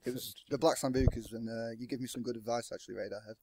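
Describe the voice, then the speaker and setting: Man, quick talker, dry close sound, rambling and self-deprecating, casual guest chat. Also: medium pitch, fairly even intonation, warm tone, breathy edge, dry recording. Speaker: guest listener.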